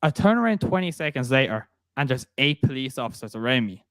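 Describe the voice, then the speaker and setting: A young man with an Irish accent hosts a casual podcast, telling stories with easy laughter. His voice is smooth and resonant, recorded close and dry with no room sound. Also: mid-range voice, sing-song, quick pace, a bit bright, no room sound. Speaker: podcast host. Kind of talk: casual podcast chat, storytelling.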